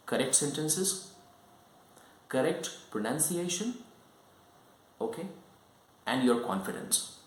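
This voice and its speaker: A man giving an online English lesson, explaining step by step and often checking in with "right?" and "okay?". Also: medium pitch. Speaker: English teacher. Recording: roomy echo.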